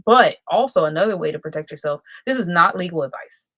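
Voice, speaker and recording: A woman's voice: on the low side, lively intonation, brisk, a bit bright, breathy edge, no room sound. A woman hosting a live stream, talking casually and rambling, often correcting herself mid-sentence. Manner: rambling, self-correcting, chatty. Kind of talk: casual livestream talk.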